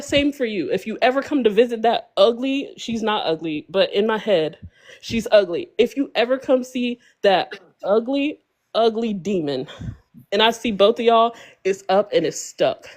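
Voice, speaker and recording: A woman's voice: on the high side, expressive, normal speed. Blunt woman ranting playfully. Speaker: live panel guest. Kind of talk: live podcast panel chat.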